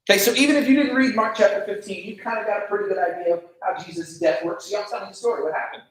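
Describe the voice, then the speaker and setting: A man teaching a casual Bible lesson to students, animated, asking the class questions and acting out quotes. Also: sits high, rapid-fire. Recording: echoey room, mic far off.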